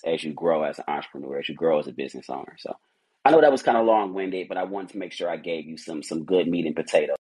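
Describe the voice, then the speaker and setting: A man's voice: sits low, a little mellow, breathy edge, rough recording. A man who heads a company, speaking as a podcast guest, earnest and motivational, rambling with many restarts. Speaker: CEO guest. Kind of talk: podcast interview, motivational talk.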